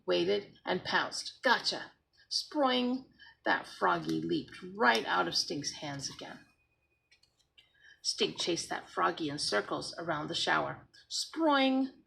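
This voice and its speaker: Slow, gravelly woman reading aloud. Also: on the low side, a little hiss or hum, rough recording. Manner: expressive, animated reading. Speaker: storybook reader. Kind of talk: reading a children's book aloud.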